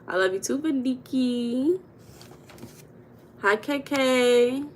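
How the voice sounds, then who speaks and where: A woman with a fairly high voice hosts a casual livestream from home. She greets viewers one by one, chatty and playful, before sliding into coaching talk on money mindset. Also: takes it slowly, slight background noise. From United States.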